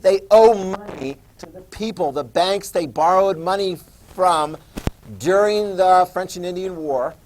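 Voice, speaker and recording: Joking teacher with a high voice. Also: male voice, darkish tone, slight background noise, poor audio. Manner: quick, joking, quizzes the class, acts out quotes. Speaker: history teacher. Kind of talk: classroom lecture. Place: classroom.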